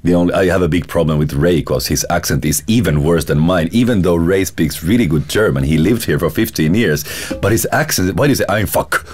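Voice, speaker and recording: Deep-voiced man telling stories. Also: a little fast. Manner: laughing, animated, swears casually. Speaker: guest musician. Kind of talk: casual storytelling.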